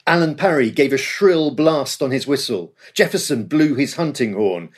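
Lively man narrating a war history. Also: medium pitch, normal speed. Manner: dramatic storytelling delivery. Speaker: podcast host.

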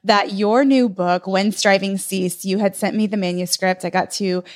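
A woman's voice: mid-range voice, steady tone, normal speed. Upbeat gushing woman host. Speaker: podcast host. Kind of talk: conversational interview.

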